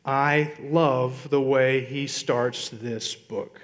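A man preaching a sermon as pastor, building to loud emphatic peaks and asking his congregation questions. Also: medium pitch, steady tone, extremely slow. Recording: long reverb of a large hall.

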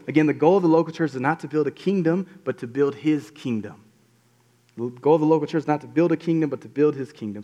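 A man's voice: medium pitch, a little mellow. Man, pastor, conversational sermon, fillers and restarts, reverberant hall. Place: church hall.

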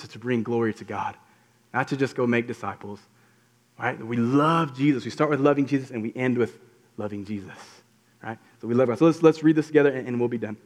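A man's voice: mid-range voice, a little mellow. A man, a pastor giving a casual, conversational sermon full of fillers and restarts. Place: church hall. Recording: long hall reverb.

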